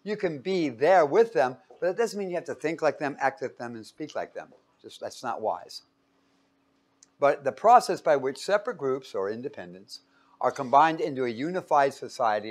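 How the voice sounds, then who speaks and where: A man leads a Bible teaching in a relaxed, joking way. He talks in an everyday voice of middle pitch and keeps turning to his listeners with questions. It sounds like a teaching room with a whiteboard. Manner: casual, joking, asks the audience questions.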